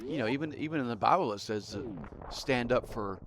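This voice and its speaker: A man chatting casually while playing a game, soft-spoken and halting, with many restarts. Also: mid-range voice, background noise. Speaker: gaming streamer. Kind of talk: casual let's-play chat.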